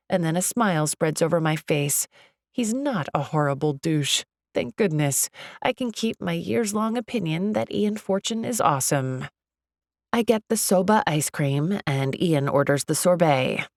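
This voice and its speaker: A woman narrating a romance audiobook in the first person, with an expressive, chatty delivery. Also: deep voice, no room sound, studio quality. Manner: expressive, chatty, lively inner monologue.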